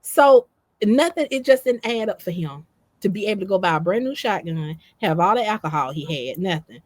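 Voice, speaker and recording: In a clip with no echo, a woman of medium pitch talks a little fast as she shares her own story conversationally. Her delivery is lively, full of repeated phrases and quotes of her own words.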